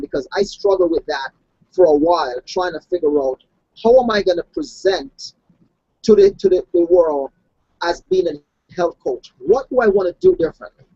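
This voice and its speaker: Animated man with a gravelly voice. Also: sits high, normal speed, no room sound, muffled recording. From outside the United States. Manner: animated storytelling with restarts. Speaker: health coach. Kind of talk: casual hangout discussion.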